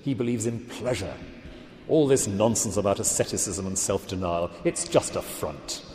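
A man's voice: lowish voice, expressive, moderate pace, mellow, close to an everyday voice. A man voicing an exasperated, scornful elderly devil, read aloud in an echoey hall. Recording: echoey hall with long reverb.

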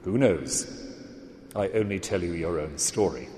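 A man giving a literature lecture, speaking deliberately and with emphasis. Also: sits low, lively intonation, warm tone, roomy sound, long reverb tail, slight background noise.

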